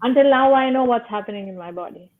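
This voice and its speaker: A woman's voice: a little high, fast talker. Woman guest on a remote call, thoughtful explainer with everyday metaphors, thin phone-like audio. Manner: thoughtful, explains with simple metaphors, frequent "right?". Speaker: guest explaining the nervous system. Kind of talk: casual explanatory talk. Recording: tinny phone-like call line.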